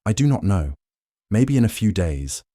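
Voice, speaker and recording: A man's voice: fairly low pitch, very animated, moderate pace, dark tone, slightly rough, no echo, clean studio sound. Stubborn hurt young worker, read by a man. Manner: strained, stubborn.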